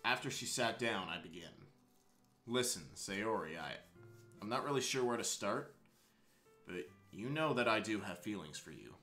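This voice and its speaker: A young man streaming a visual novel game, reading it aloud with excitable asides, laughter and swearing. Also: on the low side, moderate pace, soft background music. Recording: roomy echo.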